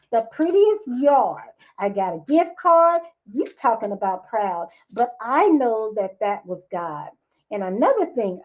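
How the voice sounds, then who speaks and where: A middle-aged woman talks as a podcast guest, telling her stories in an animated, expressive way. Her talk is casual and warm-hearted in tone, with rising bursts of excitement. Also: a little high. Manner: lively storytelling, expressive. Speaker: guest, business owner. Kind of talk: casual interview chat.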